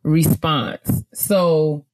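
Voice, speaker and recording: A woman's voice: deep voice, steady tone, extremely slow, darkish tone. A woman co-hosting a book club chat, talking casually, laughing often and repeating herself when she gets worked up.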